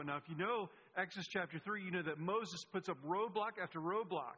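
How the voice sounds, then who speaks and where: A man's voice: sits high, fast talker, pushed and bright. A middle-aged male pastor giving a sermon, conversational, repeating key points for emphasis. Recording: husky, muffled, long hall reverb.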